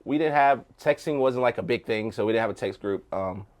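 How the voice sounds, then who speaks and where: Jokey middle-aged fireman. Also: mid-range voice. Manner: jokey, quick reactions, laughs a lot. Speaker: firefighter. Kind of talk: casual podcast conversation.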